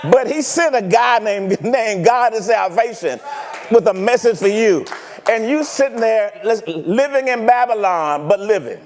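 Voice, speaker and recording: High-voiced preacher in an echoing church. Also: male voice, a little slow, a faint crowd. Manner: animated, teasing preaching with rhetorical questions. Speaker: pastor. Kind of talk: sermon. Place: church sanctuary.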